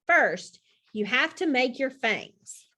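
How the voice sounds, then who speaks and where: A woman's voice: sits high, animated, takes it slowly, pushed and bright, full character voice. A woman voicing a confident, playful young boy who explains a silly game, reading a storybook aloud. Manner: easygoing, instructing.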